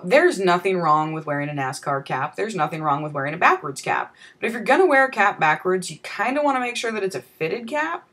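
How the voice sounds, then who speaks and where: A woman vlogger spins a comic tale from her own life, dry and full of casual swearing. Her voice sits on the lower side, and she slips in deadpan asides to the viewer. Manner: wry, profane, deadpan asides. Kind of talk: comic personal storytelling.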